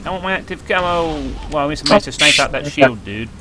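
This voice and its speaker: Sweary Northern English gamer on a noisy call. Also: male voice, fairly high pitch, lively intonation, a little fast. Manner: dry, sweary gamer banter. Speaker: guest co-commentator. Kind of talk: casual gameplay commentary. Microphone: voice call over the internet. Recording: noisy internet call audio.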